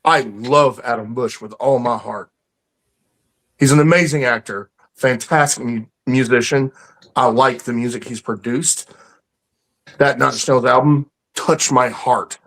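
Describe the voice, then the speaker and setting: A man's voice: medium pitch, a little slow, a bit bright, poor audio. A man co-hosting a podcast in casual, crude banter, swearing a lot and mimicking others. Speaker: podcast co-host.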